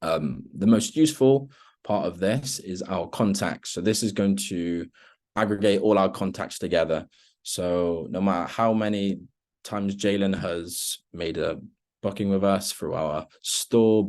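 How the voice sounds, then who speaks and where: Low-voiced man giving a software demo. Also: unhurried. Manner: relaxed, lots of ums, walks through steps. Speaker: product trainer. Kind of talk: screen-share software demo. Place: online meeting.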